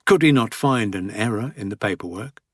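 A man reading an audiobook as narrator, in a measured, quiet manner. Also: on the low side, lively intonation, dry recording, clean studio sound. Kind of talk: scripted narration.

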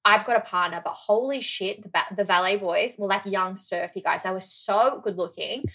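A woman from Australia chatting casually as a podcast co-host, telling stories in an animated way, swearing freely and acting out what people said. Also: medium pitch, moderate pace. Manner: animated, swears freely, acts out quoted dialogue. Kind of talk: casual chat, storytelling.

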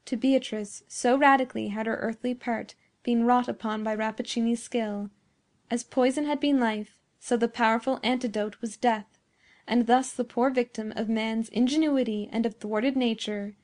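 A woman narrating a classic story as an audiobook, in a measured, expressive way. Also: on the high side. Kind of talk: scripted narration of classic fiction.

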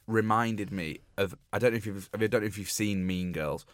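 A man hosting a casual film review podcast, chatty and animated as he retells scenes. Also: lowish voice, normal speed. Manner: chatty, animated storytelling with quoted lines. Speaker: podcast host.

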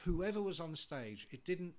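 A man in casual podcast chat, telling an animated backstage anecdote with lots of swearing and quick acted-out voices. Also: fairly high pitch.

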